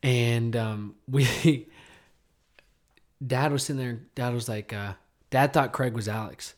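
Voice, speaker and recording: A man chatting casually on a podcast, rambling through a story with many fillers and restarts. His voice sits in an ordinary middle pitch and drops quiet at heavy moments. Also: fairly even intonation, slow. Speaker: podcast co-host. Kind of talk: casual chat.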